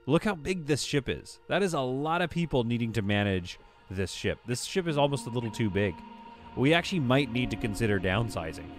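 A man's voice: medium pitch, very animated, fairly quick, soft background music. A man streaming a game live, giving exasperated, self-mocking play-by-play commentary with sudden outbursts.

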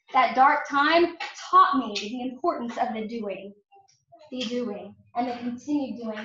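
High-voiced woman teaching a church class, earnest and repeating herself for emphasis, far off mic in a boomy room, kinda muffled. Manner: earnest, personal storytelling with emphatic repetition. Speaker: catechist. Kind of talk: faith formation class talk. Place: church hall or parish classroom. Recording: echoey room, far from mic, dull sound.

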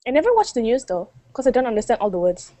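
A young woman chatting casually in a group hangout, giggly and animated, laughing often. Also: on the high side, quick pace. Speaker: hangout guest. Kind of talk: casual chat.

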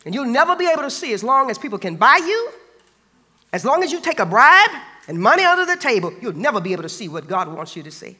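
A man's voice: very high voice, very animated, fast talker, sharp tone, big-room sound. A man pastor preaching a sermon, emphatic and colloquial, repeating phrases for stress.

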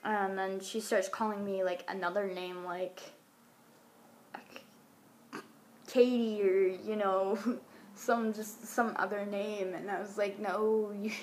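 A young woman recounts a story casually into her phone at home, drifting through fillers and asides. Her voice sits at a middle pitch. There is faint background noise behind her. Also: steady tone, slow, long pauses. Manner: rambling, full of fillers like "like" and "um", laughs now and then. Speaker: vlogger. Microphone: phone or webcam.

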